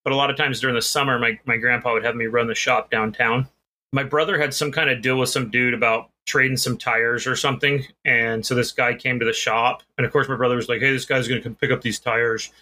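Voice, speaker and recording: A man's voice: medium pitch, steady tone, brisk, bright, forceful tone. A man co-hosting a podcast, telling a rambling, self-deprecating story in casual chat. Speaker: podcast co-host.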